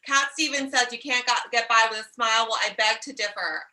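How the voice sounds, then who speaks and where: A woman's voice: a little high, brisk, sharp tone, far from the mic, poor audio. A woman life coach on a comedic live stream, talking in a sassy, profane way and calling her listeners darlings. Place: outdoors in a warm country. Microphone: phone live stream.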